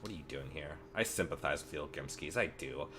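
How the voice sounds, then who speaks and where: A man quietly reading aloud the lines of a cryptic girl changeling in a game. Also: extremely low pitch, fast talker, slight background noise.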